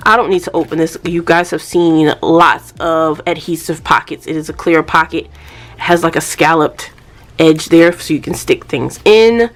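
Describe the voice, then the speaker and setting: A woman's voice: sits low, normal speed. Chatty woman unboxing planner goods. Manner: chatty, addresses viewers as y'all. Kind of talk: casual unboxing vlog.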